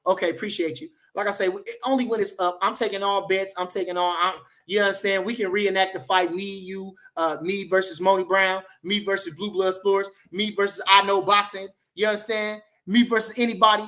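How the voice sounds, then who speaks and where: Loud, profane boxing livestream host. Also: male voice, sits high, level tone, fairly quick, hardly any pauses. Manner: profane, boisterous trash talk full of "you know" fillers. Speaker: boxing channel host reading live chat. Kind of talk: livestream rant.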